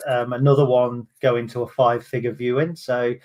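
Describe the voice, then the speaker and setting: A man's voice: medium pitch, little pitch movement, moderate pace, darkish tone. Chatty man hosting a podcast. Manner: chatty and self-mocking, with many ums. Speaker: podcast host. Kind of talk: casual football podcast chat.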